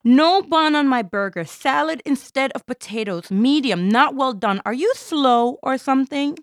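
A woman voicing a demanding, rude female diner customer with a sharp, scolding manner. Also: lowish voice, very animated, normal speed, clear, resonant tone, dry recording, studio quality.

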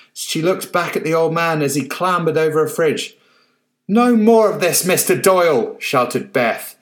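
A man reading his own short story aloud in a soft, low-key storybook narration.

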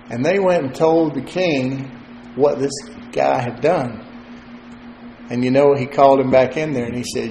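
A man's voice: mid-range voice, moderate pace, darkish tone, slight background noise. A male pastor delivering a sermon in a loose, conversational way, joking at times and repeating words as he thinks. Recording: roomy echo.

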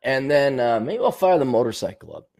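A man's voice: mid-range voice, sing-song, brisk, a little mellow. A man hosting his show, talking in a casual, digressive monologue, laughing often and swearing freely. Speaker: show host.

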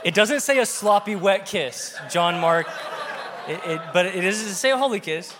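High-voiced male pastor in a reverberant hall. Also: moderate pace, noisy background. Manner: animated, joking with the congregation. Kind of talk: sermon. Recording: long reverb of a large hall.

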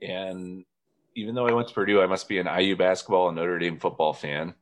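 Rambling, laughing man with a low voice. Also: steady tone, brisk. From northern Indiana. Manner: rambling storyteller, laughs often. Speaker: podcast host. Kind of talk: casual chat.

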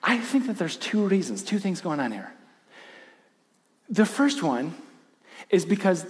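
Animated high-voiced man preaching. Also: measured pace, long pauses, big-room sound. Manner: animated storytelling, acts out quotes, drops to hushed intensity. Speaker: pastor. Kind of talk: sermon.

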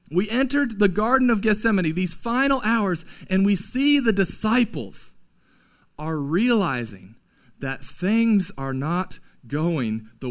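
A man's voice: sits high, a bit bright. A man preaching a sermon as a pastor, in a casual, conversational way with slangy asides.

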